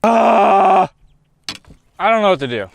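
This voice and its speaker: A man filming his own fishing trip outdoors on a lake, talking to himself and exclaiming loudly as things go wrong and right. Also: high voice, slow, creaky. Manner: excitable, exclaims and shouts often. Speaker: fishing vlogger. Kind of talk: self-filmed fishing vlog.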